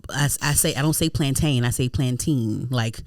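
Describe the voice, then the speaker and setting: A young woman from Maryland co-hosting a podcast, rambling through animated casual chat with lots of fillers. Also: extremely low pitch, fast. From United States, Prince George's County, Maryland. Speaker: podcast co-host.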